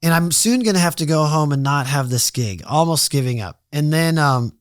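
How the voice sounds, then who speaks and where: A man telling stories as a podcast guest in casual talk, animated and quick to act out other people's lines, swearing freely. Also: a little high, no echo, clean studio sound. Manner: animated storyteller who acts out quoted dialogue. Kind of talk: casual storytelling interview.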